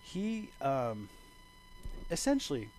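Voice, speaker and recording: A man teaching a bass lesson over a video call, relaxed and rambling, thinking aloud with fillers. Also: slow, slight background noise, poor audio. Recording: bass guitar playing behind him.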